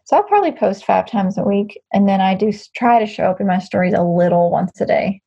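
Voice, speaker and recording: A chatty woman talks openly and at length as an interview guest, often restarting her sentences. Her voice is a little husky, and the recording sounds muffled and lo-fi. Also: mid-range voice, animated, a little fast, warm tone. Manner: candid, rambling, frequent restarts. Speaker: guest, social media creator. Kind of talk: casual interview chat.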